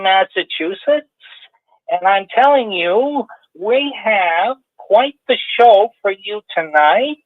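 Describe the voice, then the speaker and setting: A man on a phone call putting on an impression of an overblown male talk-show host, announcing slowly and grandly. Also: high-pitched, dry recording, voice pushed up. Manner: slow, drawn-out showman announcing. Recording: tinny phone line.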